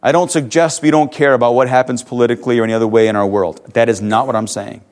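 A man preaching a sermon, earnest, rising to emphatic questions and dropping soft when he tells a story. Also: medium pitch, steady tone, fast talker. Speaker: pastor.

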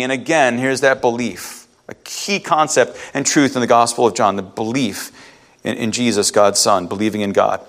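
A man's voice: mid-range voice, moderate pace, fairly bright tone. A man preaching a sermon, reading scripture aloud and restarting his sentences as he explains it. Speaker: pastor.

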